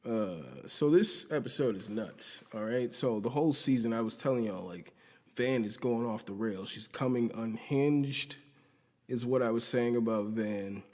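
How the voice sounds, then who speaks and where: A man's voice: measured pace, a little mellow. Rambling man recapping a show, roomy audio. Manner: rambling, profane, retells scenes by quoting characters. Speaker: podcast host. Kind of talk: casual episode recap. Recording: roomy low-quality audio from video.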